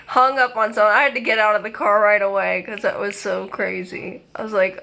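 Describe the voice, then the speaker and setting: A young woman chiming in on her grandfather's vlog, giggly and quick to add corrections. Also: medium pitch, fairly even intonation, vocal fry, sharp tone. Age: young adult. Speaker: granddaughter of the host. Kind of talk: casual chat.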